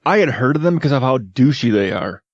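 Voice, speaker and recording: A man chats on a podcast, tossing in quick sarcastic asides. His voice rises and falls a lot as he talks. The sound is dry and a little dull. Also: medium pitch, animated, creaky, no room sound. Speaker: podcast co-host. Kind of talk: casual podcast chat.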